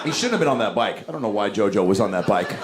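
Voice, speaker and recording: A man's voice: lowish voice, fast talker. A man performing a stand-up comedy set on stage, talking conversationally and dropping into voices. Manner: conversational, animated, doing voices. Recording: live show with loud background noise.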